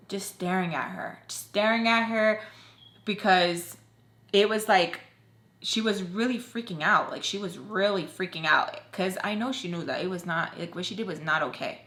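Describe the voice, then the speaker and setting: A young woman in her twenties telling an emotional storytime for her vlog, animated and dropping in Spanish slang. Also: lowish voice, a little fast. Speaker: vlogger. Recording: echoey room.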